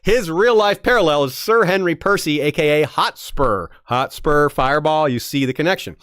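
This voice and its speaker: A man's voice: fairly high pitch, normal speed, smooth, no echo. A man hosting a history podcast, telling the story in a casual, joking way with frequent restarts. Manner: joking, animated, restarts often.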